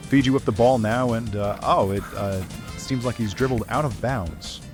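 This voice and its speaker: A man giving a deadpan parody sports commentary in a mock-formal tone. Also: medium pitch, moderate pace, music in the background, voice pushed down, lightly acted.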